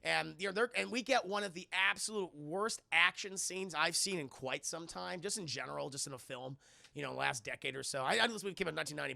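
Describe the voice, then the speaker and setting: On a livestream, an excitable man gives a profane, casual film review, frequently speaking to his chat and loudly acting out characters. The voice is high and gravelly, with no room sound.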